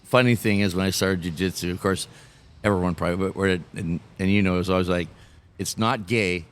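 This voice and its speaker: Low-voiced laughing Canadian man. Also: steady tone, fast, smooth. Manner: laughs often, rambling with restarts. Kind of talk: casual podcast chat.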